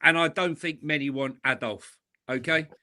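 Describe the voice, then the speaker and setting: A man's voice: a little high, normal speed, pushed and bright. A man co-hosting a casual football podcast, chatty and wry. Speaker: podcast co-host.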